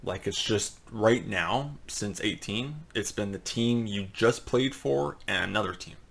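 A man hosting a gaming channel, talking casually and ranting in frustration, swearing often and filling pauses with "um" and "like.". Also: fairly low pitch, creaky, fairly bright tone. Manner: frustrated, profane ranting with fillers. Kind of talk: casual commentary.

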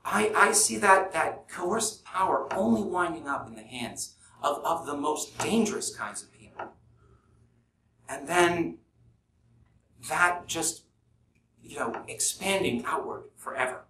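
A man's voice: a little high, lively intonation, measured pace, sharp tone. Guy speaking at a conference, earnest, mic far away, faint hiss. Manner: earnest, thinking aloud with restarts. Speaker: podcast host giving a talk. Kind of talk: live conference talk. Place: conference room at a forum. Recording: echoey room, distant mic, faint hiss.

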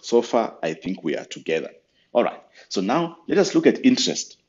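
A man giving a patient step-by-step software tutorial over a screen recording. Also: medium pitch, very animated, normal speed, lo-fi sound. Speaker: software trainer.

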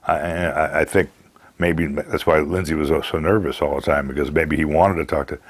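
Man, very low voice, dry close sound, documentary interview, lively storytelling. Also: normal speed, dry recording. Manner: animated storyteller, acts out quotes. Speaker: recording engineer interviewee.

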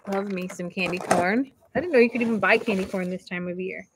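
A woman hosting a casual vlog, opening mail from viewers and talking warmly and emotionally, close to tears at times. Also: mid-range voice, normal speed, a little hiss or hum. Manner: chatty and emotional, near tears.

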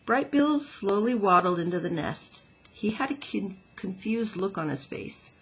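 Husky-voiced woman reading a storybook. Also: medium pitch, unhurried, low-quality recording. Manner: gentle expressive storytelling. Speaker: teacher reading aloud. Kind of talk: children's book read-aloud.

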